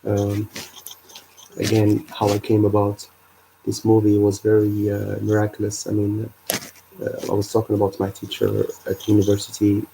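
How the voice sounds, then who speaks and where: Man, livestream host, earnest halting explainer, dark mellow tone, low voice. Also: monotone, creaky, a little hiss or hum, poor audio.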